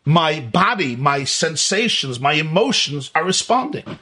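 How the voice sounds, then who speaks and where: Man, Torah teacher, high husky voice, lively swooping pitch, emphatic rhetorical lecture. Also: unhurried. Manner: emphatic, rhetorical questions, repeats key words. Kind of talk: Hasidic lecture.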